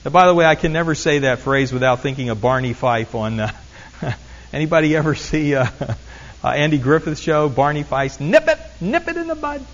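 A man's voice: medium pitch, normal speed, highs cut off. A man preaching a sermon as pastor, earnestly teaching and repeating key phrases for emphasis.

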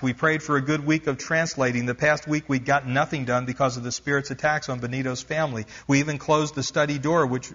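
A man preaching, retelling a missionary story with lively emphasis. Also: medium pitch, muffled recording.

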